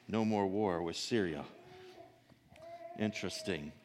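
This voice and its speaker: A man preaching a sermon, reading scripture and then expounding it, with rhetorical questions and soft asides. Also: lowish voice, in a large hall.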